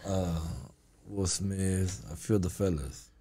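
A man's voice: low voice, slow pace. A man, a guest actor and musician, telling casual stories full of slang and acting out the people in them. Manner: animated, acts out voices, laughs.

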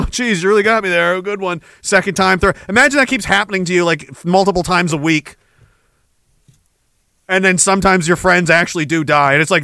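A middle-aged man hosting a podcast, ranting with heavy profanity and jumping between war stories and shouted quotes. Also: sits high, no room sound. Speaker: podcast host. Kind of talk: ranting monologue.

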